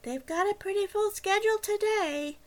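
A bored, nasal dispatcher on the line, as a woman reads her, sounding a little distant and drawling slowly in a fairly high voice. She is flat and unhurried, as if nothing could matter less. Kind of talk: audiobook character reading.

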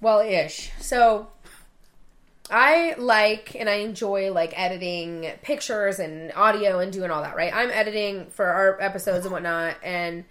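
A woman in her thirties chats on a podcast in a bright, ringing voice. She swears freely and acts out the people in her stories with sudden jumps in pitch. Her delivery is loose and conversational. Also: measured pace. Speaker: podcast co-host. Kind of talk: casual chat.

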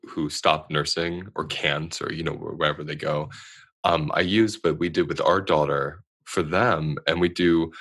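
Male host, very low, husky voice, effusive and chatty. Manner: warm, effusive, laughs often. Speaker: podcast host. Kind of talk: casual chat.

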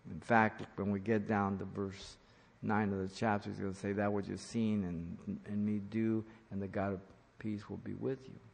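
A man's voice: on the low side, creaky, a little mellow. Man preaching a sermon in a reverberant hall. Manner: earnest, repeats for emphasis. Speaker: pastor.

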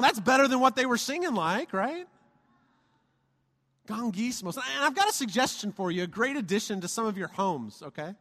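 Animated high-voiced male pastor, hall echo. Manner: animated, playful, asks the congregation for amens. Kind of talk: sermon. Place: church sanctuary. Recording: reverberant hall.

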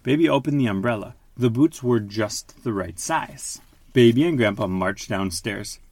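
Lively dad reading a bedtime story. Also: male voice, medium pitch, normal speed, no room sound. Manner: animated, playful. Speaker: father and podcast host. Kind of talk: reading a picture book aloud to his child.

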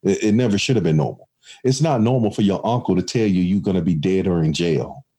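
A man's voice: deep voice, fast talker, warm tone, slightly rough. A man in casual conversation, reflective and storytelling, with many restarts.

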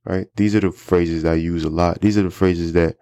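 A man's voice: deep voice, fairly even intonation, normal speed, dark tone, clear, resonant tone, no room sound. A man hosting an English-learning podcast, chatting casually and repeating phrases for his listeners. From United States. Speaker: podcast host teaching English. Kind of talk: casual teaching chat.

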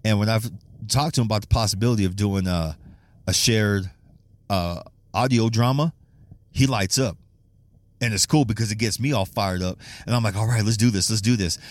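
Low-voiced man rambling with profanity. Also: normal speed. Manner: rambling, profane, laughs a lot, restarts often. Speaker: podcast host. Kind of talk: casual solo podcast rant.

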